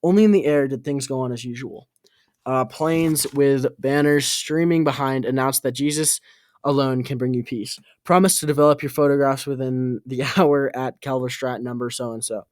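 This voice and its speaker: A man reading an audiobook aloud, halting and correcting his own slips. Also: mid-range voice, steady tone, darkish tone, no room sound, studio quality. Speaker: audiobook reader.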